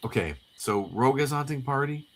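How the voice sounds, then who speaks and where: Rambling, lower-voiced man recapping comics. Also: normal speed, a bit bright. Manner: rambling recap with many fillers. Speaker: co-host. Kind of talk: casual comic read-through chat.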